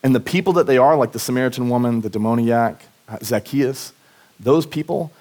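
A man's voice: mid-range voice, brisk, a little mellow. A man preaching a conversational sermon at a church service, earnest and casual, often saying "like" and restarting his sentences as he tells personal stories. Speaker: pastor preaching.

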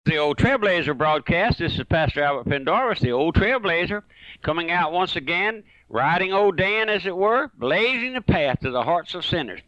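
A man's voice: high-pitched, expressive, normal speed, fairly bright tone, dry recording, dull audio. A man preaching a folksy, fervent radio sermon that rises and falls.

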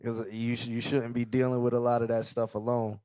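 A man's voice: mid-range voice, flat delivery, fairly quick, dark tone, smooth, no room sound. A man hosting a casual music review podcast, chatty and loose, laughing easily. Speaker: podcast host.

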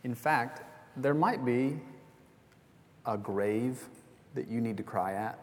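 Taking his time, a young pastor with a mid-range voice preaches in a church sanctuary, relating a story in a chatty way with small jokes and digressions. Long hall reverb surrounds his words.

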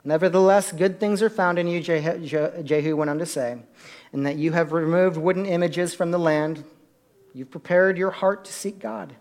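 A man with a high voice preaches to his church. His delivery swings between hushed, conversational asides and loud, emphatic climaxes, often tossing questions out to the listeners. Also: steady tone, moderate pace. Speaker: pastor. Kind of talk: sermon.

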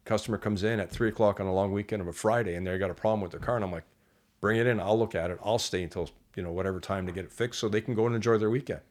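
A man with a fairly deep voice, telling casual stories as a guest in a conversation. He talks in a lively, rambling way and acts out the voices of the people he quotes. He sounds relaxed and candid. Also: rapid-fire. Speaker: entrepreneur guest. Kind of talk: casual storytelling interview.

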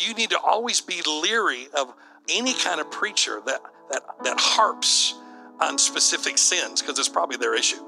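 A man's voice: on the high side, creaky, pushed and bright, low-quality recording. A middle-aged man, a bishop, preaching to church leaders in a conversational, storytelling way.

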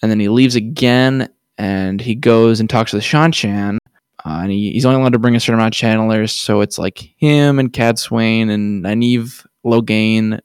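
Man, podcast co-host, low voice, casual slangy recap, dry close mic. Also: fairly even intonation, normal speed, clean tone, no room sound. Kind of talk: casual chat.

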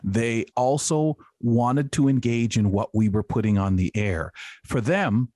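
A man co-hosting a panel discussion, talking in a halting way with frequent restarts. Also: mid-range voice, mellow, no room sound. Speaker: co-host.

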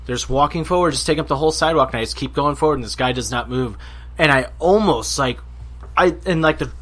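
A man's voice: on the high side, quick pace. A man co-hosting a casual podcast, telling stories and acting out the quotes. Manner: animated storyteller, acts out quotes loudly. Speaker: podcast co-host. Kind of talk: casual chat.

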